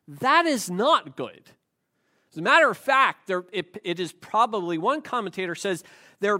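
A man's voice: high-pitched, fairly bright tone. A middle-aged man preaching a sermon, talking in a loose, joking, conversational way with frequent restarts. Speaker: pastor.

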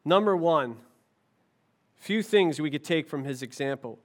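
A male pastor delivers a sermon in a high, animated voice that swoops widely. He speaks at an unhurried pace, building to forceful, impassioned emphasis before dropping low and quiet. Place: church sanctuary.

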